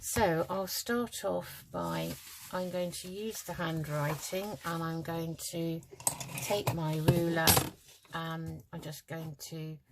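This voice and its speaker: Low-voiced chatty British woman crafting. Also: fairly even intonation, slow, noisy background. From United Kingdom. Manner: chatty and rambling, with many ums. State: yawning, tired. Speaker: craft vlogger. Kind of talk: casual chat while crafting.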